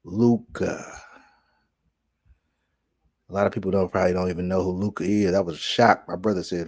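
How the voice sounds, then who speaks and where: A man with a somewhat low voice talks straight to the camera in a loose monologue. He sounds preachy and keeps pausing to check that the listener is following. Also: steady tone, gravelly, darkish tone. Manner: preachy, keeps asking "right?". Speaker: vlog host. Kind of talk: casual conspiracy monologue.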